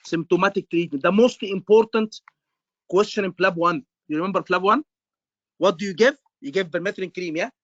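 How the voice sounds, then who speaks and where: This is a man, tutoring medical exam candidates in a live session. His voice sits notably high for a man, and he drills the class with repeated questions and emphatic points. The sound is dry and slightly muffled. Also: normal speed, fairly bright tone, no room sound. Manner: repetitive, quizzing students, emphatic. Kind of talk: live online lecture.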